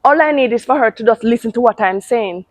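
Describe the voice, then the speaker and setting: A woman with a somewhat high voice talks casually, giving parenting advice. She speaks emphatically and circles back over her words to drive a point home. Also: fast talker. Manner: emphatic, repeats words, mimics children and parents. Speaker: parenting channel host.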